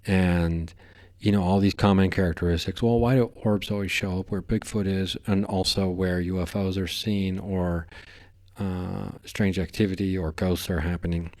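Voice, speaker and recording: Low-voiced rambling male podcast host. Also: level tone, moderate pace, a little mellow. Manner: rambling, playful, stumbles over words. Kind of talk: casual podcast monologue.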